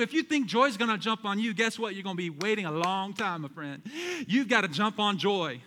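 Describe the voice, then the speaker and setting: A man's voice: high-pitched, animated, normal speed, sharp tone, big-room sound. A man preaching a sermon as pastor, emphatic and calling out to his congregation. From American South.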